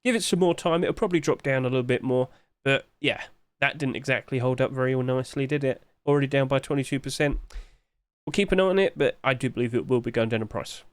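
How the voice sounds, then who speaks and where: A man's voice: medium pitch, quick pace, smooth, no room sound. A man who hosts a commentary channel and thinks aloud in a chatty way while talking through sales figures. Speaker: game market analyst. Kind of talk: screen-share commentary.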